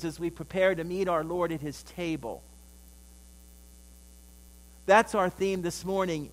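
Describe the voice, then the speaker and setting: A man's voice: on the high side, fairly bright tone. A male pastor delivering a sermon in a church, telling a story and then building to emphatic peaks. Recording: long hall reverb.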